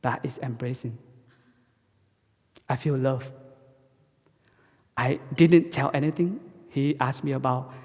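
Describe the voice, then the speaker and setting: A man giving a gentle dharma talk as a Buddhist monk, speaking simple English that halts and restarts often. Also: medium pitch, slow pace, pauses often, long reverb tail.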